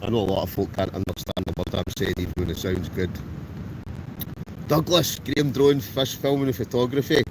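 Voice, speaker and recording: Scottish man, slightly low voice, cheery live-stream chatter over roaring gale noise and garbled audio. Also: level tone, brisk. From Scotland. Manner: chatty and good-humoured, greeting viewers by name. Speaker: wild camper live-streaming. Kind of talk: casual live-stream chat reading viewer comments. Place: inside a tent outdoors in a storm. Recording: roaring storm wind, garbled robotic-sounding audio. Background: howling gale buffeting the tent.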